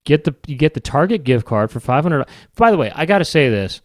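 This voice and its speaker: A man's voice: on the high side, very animated, brisk, no echo. Rambling, wry man, dry sound. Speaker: podcast host. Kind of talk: casual comedic monologue.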